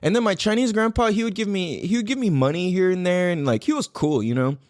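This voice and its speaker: A man's voice: high voice, fast, a little mellow, dry recording, studio quality. A man in his forties from the USA hosting a podcast, talking casually with lots of swearing and slang. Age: 40s. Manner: laid-back, profane slang-heavy talk. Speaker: podcast host. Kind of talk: casual monologue.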